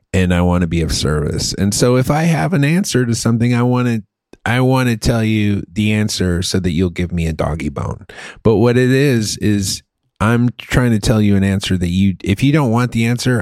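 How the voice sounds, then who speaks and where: Man in his late thirties, lower voice, dry close sound, self-deprecating, casual chat. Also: a little mellow, no echo. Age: late 30s. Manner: self-deprecating, riffs with playful analogies and swearing.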